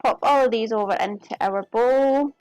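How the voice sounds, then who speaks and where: Chatting and giggling with viewers while she cooks, a UK streamer speaks from her home kitchen in a voice on the high side with a darkish tone. Her pace is moderate, and the close, dry, echo-free sound carries soft background music.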